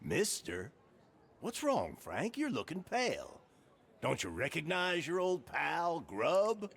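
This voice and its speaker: An actor playing a shrewd, threatening small-town sheriff in a video game, with a slow drawl. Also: male voice, on the high side, huge pitch swings, gravelly, fairly bright tone, husky, heavily acted. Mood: friendly. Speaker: game character.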